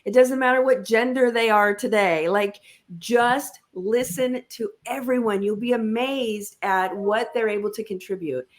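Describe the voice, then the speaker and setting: A woman talking about leadership in a conversational interview, emphatic and coaching, with animated asides. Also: on the high side, measured pace.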